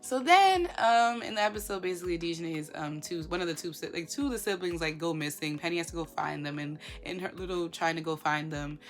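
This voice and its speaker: Woman, low voice, animated casual commentary, rhetorical questions, faint music behind. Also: a little fast, few pauses.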